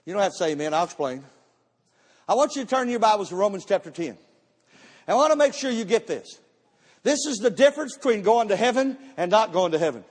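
A man's voice: high voice, big pitch swings, fairly quick. A man preaching a sermon to a church, telling a story with emphatic, repeated words. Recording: long church hall reverb.

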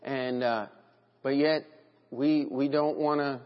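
A man's voice: medium pitch, steady tone, slow. A man preaching an evening sermon in an earnest, emphatic way, reading scripture aloud. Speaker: pastor. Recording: dull audio with long church reverb.

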